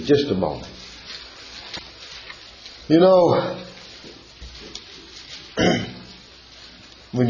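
A man's voice: mid-range voice, a little mellow, a little hiss or hum. A man preaching a sermon, reading scripture and explaining it verse by verse with fervent, sing-song exclamations. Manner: reads and expounds scripture verse by verse. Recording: dull, echoey church recording.

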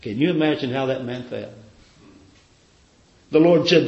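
A male preacher with a mid-range voice tells stories fervently at a measured pace, tossing out rhetorical questions. The sermon recording is roomy and lo-fi.

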